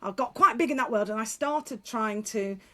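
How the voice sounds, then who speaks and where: A middle-aged woman, a guest speaker and former teacher, telling stories in a frank, lively way with laughs and quick restarts. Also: on the high side. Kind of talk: casual interview storytelling.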